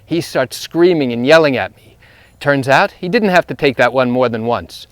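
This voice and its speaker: A man's voice: mid-range voice, moderate pace, no room sound. A man who is a lawyer, telling a story emphatically while walking outdoors through a neighborhood. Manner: emphatic, repetitive phrasing, rising intensity when retelling. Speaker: personal injury lawyer.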